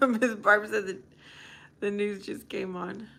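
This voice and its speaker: Woman hosting a relaxed livestream, talks slowly, mid-pitched, answers chat with easy laughter. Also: vocal fry. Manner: laughs often, reads chat aloud. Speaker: livestream host. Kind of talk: casual chat with viewers.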